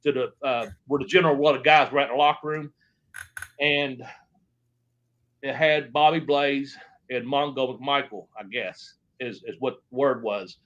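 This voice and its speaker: A man's voice: mid-range voice, steady tone, moderate pace, fairly bright tone, dull audio. A man, a former wrestler telling stories in a long interview, rambling and swearing as he goes. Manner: rambling, profane, trailing off into restarts. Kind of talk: shoot interview storytelling.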